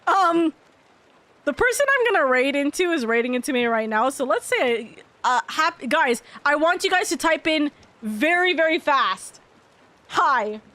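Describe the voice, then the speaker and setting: A woman's voice: sits high, animated, a little slow, bright, forceful tone. A young adult woman streamer chatting casually with her viewers, rambling and playful and swearing freely. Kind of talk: casual livestream chat.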